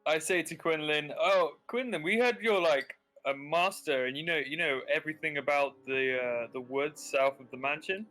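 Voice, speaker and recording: A bright, forceful man playing a tabletop game, chatty and slipping in and out of his character's voice. His voice sits a little high, with faint music behind him. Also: fairly even intonation, moderate pace, few pauses. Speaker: player.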